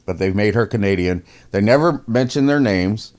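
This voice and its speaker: A man's voice: fairly low pitch, lively intonation, normal speed, a little mellow. A man casually mocking a news story as a podcast host, laughing often and repeating himself. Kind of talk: casual opinion commentary.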